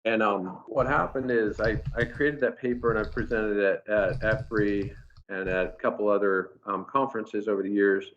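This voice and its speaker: A male engineer telling an animated anecdote in a casual recorded talk, with frequent restarts. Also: fairly low pitch, normal speed, slight background noise. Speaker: engineer at a company experience center. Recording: dull lo-fi sound.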